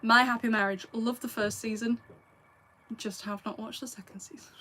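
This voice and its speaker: This woman's voice sits on the high side and sounds bright and forceful, with a slight hiss or hum in the background. She's in her late twenties, from England, speaking Lancashire English tinged with a bit of Scouse. As a YouTuber she casually chats through live chat questions, laughing often and slipping into asides.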